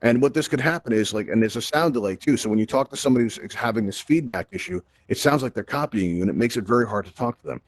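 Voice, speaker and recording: Fast-talking man presenting tech tips. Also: medium pitch, lively intonation, dry recording. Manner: chatty, tag questions "right?". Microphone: headset mic in VR.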